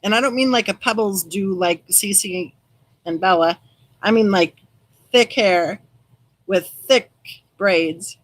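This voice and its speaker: This middle-aged true crime channel host speaks slowly, pausing often, in a mid-range voice on a rough recording. During her casual live stream she chats away, reading comments aloud and warmly replying to viewers by name.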